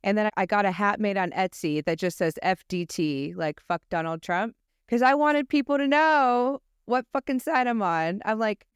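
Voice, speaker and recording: A woman's voice: medium pitch, moderate pace, smooth, dry recording, clean studio sound. A young American woman co-hosting a podcast, chatting casually in a blunt, profane, self-deprecating way. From United States. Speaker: podcast co-host. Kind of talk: casual chat.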